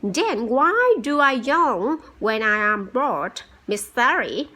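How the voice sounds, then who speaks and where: A woman voicing a young, sleepy schoolboy who asks his teacher questions in a high, careful voice. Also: sing-song, slow, sharp tone, exaggerated voice. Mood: puzzled.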